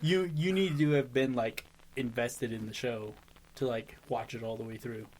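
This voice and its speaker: A man's voice: medium pitch, moderate pace, a little hiss or hum, poor audio. A man co-hosting a podcast, talking casually and rambling a bit as he recalls shows. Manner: relaxed, rambling, laughs a lot. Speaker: podcast co-host. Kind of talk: casual chat.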